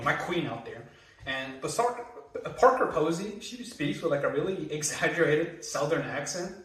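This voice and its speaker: A young man with a fairly high voice talks through a TV season in a loose, rambling way, peppered with swearing and little laughs. He sits a bit back from the mic in a roomy, echoing space. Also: fairly bright tone, distant mic. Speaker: TV reviewer. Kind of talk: casual spoken review.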